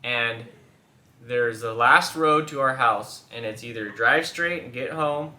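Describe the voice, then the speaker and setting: Man vlogger, playful storyteller, very bright tone, echoey room. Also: medium pitch, unhurried. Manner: playful, laughing, acting out quotes. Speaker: vlogger, husband. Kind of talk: casual storytelling with his wife. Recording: echoey room, faint background noise.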